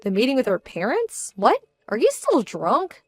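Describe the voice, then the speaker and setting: A woman voicing a young bride-to-be who sounds indignant, measured and cold. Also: on the high side, huge pitch swings, a little mellow, slightly rough, no echo, clean studio sound, soft background music, exaggerated voice. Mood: confused. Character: young bride-to-be, hurt and proud, quietly fierce. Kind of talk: scripted story drama.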